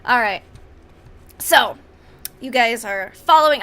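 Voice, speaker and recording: A woman's voice: fairly high pitch, lively intonation, normal speed, pushed and bright. A woman running a tabletop game as game master, chatting casually with fillers and narrating scenes in an upbeat way. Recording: faint background noise.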